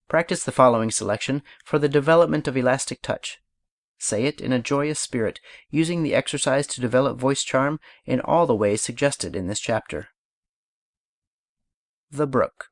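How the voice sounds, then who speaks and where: A man narrating an audiobook, reading poems and exercises in a measured way that slows for verse. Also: mid-range voice, dry recording, clean studio sound.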